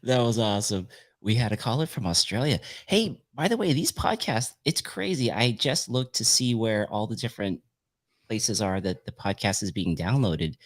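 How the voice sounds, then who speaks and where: A man hosting a casual podcast, upbeat and quick to laugh as he takes calls. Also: fairly low pitch, expressive. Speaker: podcast host.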